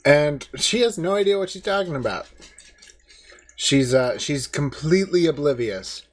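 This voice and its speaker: A man's voice: fairly high pitch, expressive, moderate pace. A man hosting a commentary video, talking in a casual, mocking, indignant way with many fillers.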